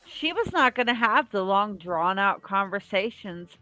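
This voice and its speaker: A woman's voice: mid-range voice, lively intonation, a little slow, sharp tone, no room sound, faint music behind. A woman co-hosting a casual reality-show recap, opinionated and outspoken, swearing freely. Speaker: podcast co-host.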